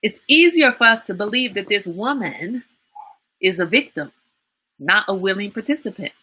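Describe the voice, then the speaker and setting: A woman's voice: mid-range voice, lively intonation, moderate pace, sharp tone, husky. A woman hosting a live-streamed talk show, chatting casually with viewers, reading out their comments and laughing often. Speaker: livestream talk show host.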